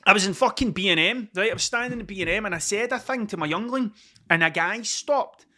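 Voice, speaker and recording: A man's voice: sits high, a little fast, pushed and bright. A Scottish man hosting a podcast, rambling through a casual, sweary, self-mocking monologue from a cold room at home. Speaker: podcast host. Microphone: camera mic.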